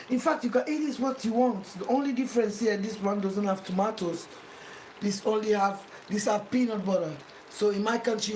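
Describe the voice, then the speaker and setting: A woman's voice: mid-range voice, a little mellow, slight background noise. A woman hosting a casual cooking demonstration, chatty and repetitive, now and then slipping into playful sing-song. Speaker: cooking vlogger. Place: home kitchen. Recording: roomy kitchen echo, faint ambience.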